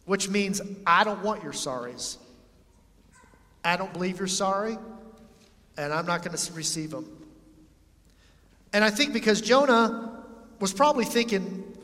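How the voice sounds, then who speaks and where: Preacher in a reverberant hall. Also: male voice, high voice, lively intonation, moderate pace, long pauses, a bit bright. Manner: conversational preaching with acted-out quotes. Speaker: pastor. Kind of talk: sermon.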